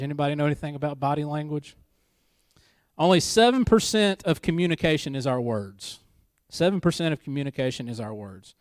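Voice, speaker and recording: A man's voice: fairly high pitch, dry recording, clean studio sound. A married man preaching a church sermon in a conversational way, with joking asides and key lines repeated for emphasis. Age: adult, married. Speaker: pastor. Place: church service.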